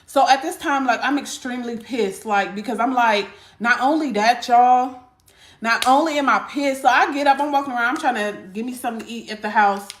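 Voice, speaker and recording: A woman's voice: on the high side, a little fast. A woman telling a casual storytime to her viewers, blunt and profane, talking straight to them as y'all. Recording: echoey room.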